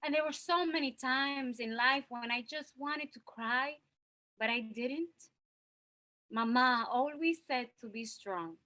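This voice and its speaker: A woman's voice: high-pitched, measured pace, bright, forceful tone, low-quality recording. An actress playing a young working mother who speaks in a confessional monologue and slips Spanish words into her English. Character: young working mother, Cristela, holding back tears. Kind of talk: stage monologue acting.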